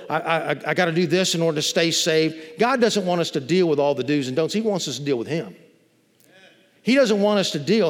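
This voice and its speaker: A man's voice: on the high side, big-room sound. A man preaching a sermon as pastor, stretching key words and building to emphatic, repeated phrases. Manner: emphatic, drawn-out preaching with rising intensity and repetitions. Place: church sanctuary.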